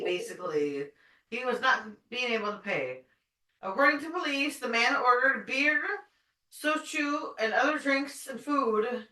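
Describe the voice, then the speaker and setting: Halting high-voiced woman reading news. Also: sharp tone. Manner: halting, rephrasing as she reads. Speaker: podcast guest reading news. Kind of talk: casual news reading on a podcast. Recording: echoey room, far from the mic.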